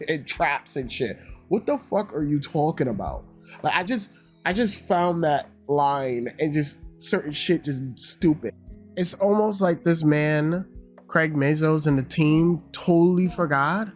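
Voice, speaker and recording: A man giving a casual, ranting review, swearing heavily and sounding exasperated. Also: on the high side. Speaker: YouTube reviewer.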